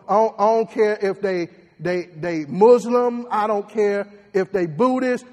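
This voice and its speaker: A man preaching a sermon as pastor, animated and laughing often, leading the congregation in repeating phrases. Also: high-pitched, big-room sound. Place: church.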